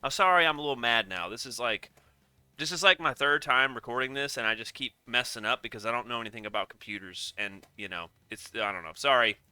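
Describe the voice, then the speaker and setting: A man's voice: mid-range voice, fairly quick, bright, forceful tone, clean tone, dry recording. A man casually reacting to a video, rambling and sarcastic, often getting worked up and swearing. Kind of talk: casual profane reaction commentary.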